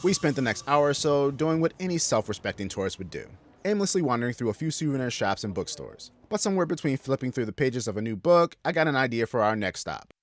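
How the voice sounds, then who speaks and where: A man's voice: medium pitch, sing-song, fast, soft background music. A man narrating a travel vlog in a scripted, storytelling voice-over.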